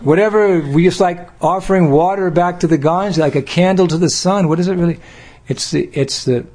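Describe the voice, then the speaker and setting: Older American man, husky voice, devotional talk with playful acted-out asides. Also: high-pitched, moderate pace, darkish tone. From United States. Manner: playful, acts out little scenes and quotes, laughing along. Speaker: spiritual teacher.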